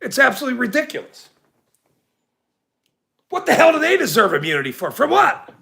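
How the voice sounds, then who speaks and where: High-pitched gravelly man ranting. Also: wildly swooping pitch, fairly quick, bright, forceful tone. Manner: indignant, rambling, laughs often. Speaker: livestream host. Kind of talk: casual ranting livestream.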